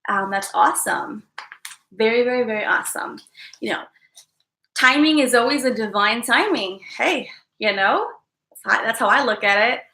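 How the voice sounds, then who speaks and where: A woman's voice: on the high side, expressive, moderate pace, pushed and bright, roomy sound. A woman hosting a casual live stream from an upstairs room at home, chatty and apologetic, often calling her viewers "guys".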